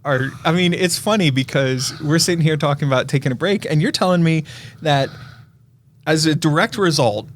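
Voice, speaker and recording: A man's voice: on the high side, normal speed, slight background noise. Chatty laughing man co-hosting a podcast. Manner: chatty and rambling, laughs easily. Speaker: podcast co-host. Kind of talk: casual chat. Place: podcast studio.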